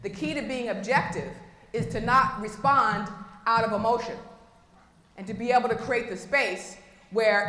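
A woman's voice: fairly high pitch, moderate pace, bright, forceful tone. A woman giving a motivational talk at a conference, engaging the audience with frequent questions. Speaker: conference speaker. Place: conference room. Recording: echoey hall with long reverb, faint noise.

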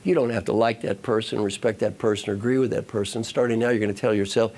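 A man's voice: mid-range voice, quick pace, few pauses, a little mellow. A man giving a motivational talk to an audience, repeating key phrases and speaking to them directly. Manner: repetitive, coaxing, addresses audience directly.

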